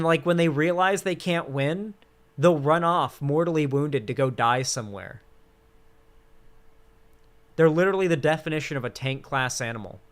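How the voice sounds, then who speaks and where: A young man rants on a casual commentary stream from a cramped home setup, rambling and swearing. His voice sits a bit high, and his delivery is animated and loose.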